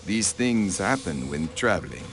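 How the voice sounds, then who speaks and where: An actor voicing a haughty aristocratic diplomat, a count, who answers in a cold, dismissive way, in a video game. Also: male voice, low-pitched, lively intonation, a little slow, a bit bright, slight background noise, exaggerated voice.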